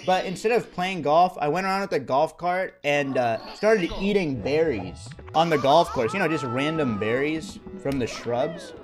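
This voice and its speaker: A man streaming a game in casual chat, often breaking into giggles and dropping into a hushed mock-serious voice. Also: on the high side, moderate pace, few pauses, over music. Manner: giggly, breaks into fits of laughter. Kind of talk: casual livestream chat while gaming.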